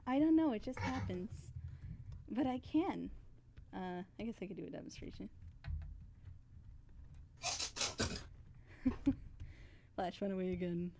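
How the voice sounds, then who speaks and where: A woman voice actress chats on a relaxed stream, gushing and giggling between thoughts. Her voice sits in an ordinary middle range. A faint hiss of noise sits under the talk. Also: medium pitch, takes it slowly, gravelly, pauses often. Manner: giggly, effusive, laughs often. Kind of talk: casual stream chat.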